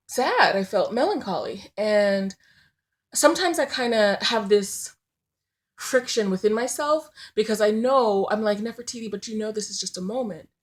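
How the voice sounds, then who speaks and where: Woman musing aloud as a podcast host. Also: medium pitch. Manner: conversational, frequent fillers and rhetorical "right?". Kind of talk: reflective solo talk.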